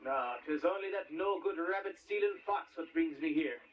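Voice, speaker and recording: An actor playing a scruffy old poacher with a put-on Irish accent, wheedling and theatrical, on an old film soundtrack. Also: male voice, fairly high pitch, normal speed, a crowd in the background, lightly acted. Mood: pleading. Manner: wheedling, sing-song, theatrical. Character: scruffy old male poacher, pleading and blustery. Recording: dull old film soundtrack with faint hiss, distant.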